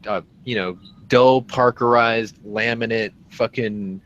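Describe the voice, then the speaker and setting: A man's voice: fairly low pitch, steady tone, slow, a bit bright, lo-fi sound. A man telling a story casually and animatedly, swearing freely and trailing into fillers.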